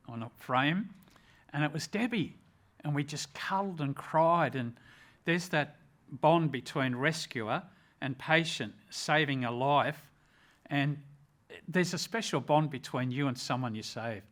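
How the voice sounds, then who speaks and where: An older Australian man speaks in an earnest, measured way. He recounts his own memories with steady reflection. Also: on the high side. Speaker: retired rescue officer, ambulance chaplain. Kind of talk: personal storytelling.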